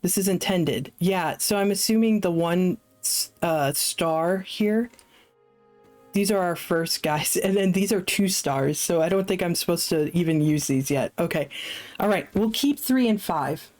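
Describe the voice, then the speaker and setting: Woman streamer, lowish voice, unhurried, chatty and self-deprecating, soft music under her. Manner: chatty, self-deprecating, thinks aloud with fillers. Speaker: streamer playing a solo tabletop game. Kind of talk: casual live-stream chat.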